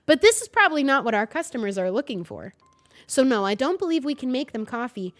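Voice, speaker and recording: A woman voicing a gentle little tea shop creature who speaks formally and calls itself by name. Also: high voice, very animated, a little fast.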